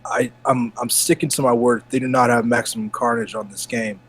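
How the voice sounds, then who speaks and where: A man co-hosting a casual gaming podcast, talking in a relaxed, chatty way while bothered by hiccups. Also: medium pitch, brisk, a little hiss or hum, poor audio. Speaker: podcast co-host.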